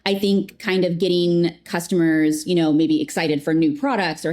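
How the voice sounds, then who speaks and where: Lower-pitched chatty woman guest. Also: normal speed, few pauses. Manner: chatty, animated, acts out quotes, lots of "like". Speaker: customer experience leader, podcast guest. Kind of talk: casual interview chat.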